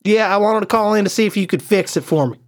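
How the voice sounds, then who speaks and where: A woman doing a deadpan rural caller with a Southern drawl. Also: mid-range voice, fast, close to an everyday voice. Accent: put-on Southern US. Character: slow-talking rural male radio caller.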